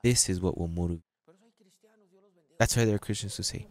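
Man, pastor, preaching a sermon, low voice, emphatic, repetitive, stumbling restarts. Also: a little mellow. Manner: emphatic, repetitive preaching with quick pitch jumps and halting restarts.

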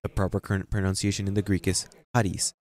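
A man preaching a sermon, repeating phrases for emphasis and reading scripture slowly. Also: sits low, completely flat delivery, a little mellow. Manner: reads scripture slowly and deliberately. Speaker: pastor.

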